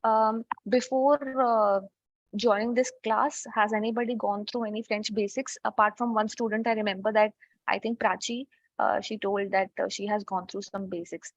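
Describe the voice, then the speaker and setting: A woman's voice: medium pitch, little pitch movement, moderate pace, no echo. Woman teaching an online language class. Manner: explains step by step with frequent "okay" checks. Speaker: French teacher. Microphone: video call. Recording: dull lo-fi online call audio.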